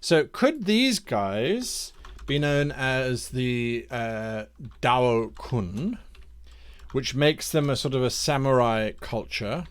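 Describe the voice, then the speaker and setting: Slow, musing man thinking aloud. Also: medium pitch, animated, clear, resonant tone. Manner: thinks aloud, hesitant, repeats names to try them out. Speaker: game master streaming campaign design. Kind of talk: live-streamed worldbuilding, reading chat suggestions aloud.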